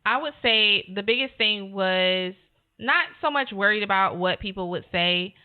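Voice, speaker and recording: A woman's voice: medium pitch, moderate pace, smooth. A woman co-hosting a podcast with her husband, speaking earnestly and with animation, often saying "you know". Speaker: podcast co-host. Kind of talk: casual conversation. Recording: phone-like narrow sound.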